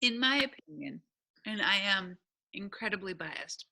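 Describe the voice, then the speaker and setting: A woman in her thirties from upstate New York chatting casually on a podcast. Her voice is bright and forward, and she laughs easily. She talks in loose, rambling, self-deprecating asides at an ordinary middle pitch. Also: lively intonation, measured pace, vocal fry. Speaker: podcast co-host. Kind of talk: casual chat.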